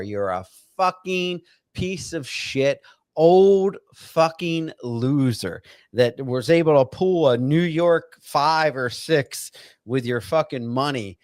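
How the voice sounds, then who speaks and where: A man's voice: medium pitch, dry recording. Man ranting furiously, dry sound. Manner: furious, profane, stammering with many fillers. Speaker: guest bartender. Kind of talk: angry podcast rant.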